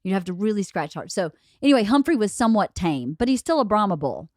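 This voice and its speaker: A woman hosting a podcast, telling a story in a lively, laughing way. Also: medium pitch, fast, no room sound, clean studio sound. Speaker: podcast host. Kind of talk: casual storytelling chat.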